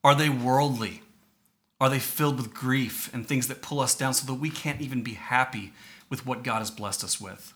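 A man's voice: medium pitch, normal speed, fairly bright tone. A man preaching a sermon to his church, earnest and emphatic, reading scripture and asking the congregation questions. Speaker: pastor.

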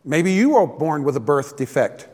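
A man delivers a sermon in a high-pitched voice, moving between plain teaching and acted-out grumbling voices. His manner is folksy and joking. The sound carries a long reverb, as in a large church hall. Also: sing-song, moderate pace, darkish tone. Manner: folksy preaching, acts out complaining voices, jokes. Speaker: pastor. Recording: echoey hall.

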